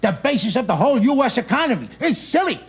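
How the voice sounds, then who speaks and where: A middle-aged actor playing a loud, blustering, opinionated working-class husband in a sitcom. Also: male voice, very high voice, big pitch swings, fast, exaggerated voice. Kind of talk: sitcom acting. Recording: noisy old TV sitcom audio.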